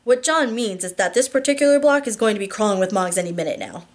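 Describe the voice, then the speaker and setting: A woman's voice: medium pitch, natural voice. A woman reading a nervous teenage sidekick boy. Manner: anxious, hurried.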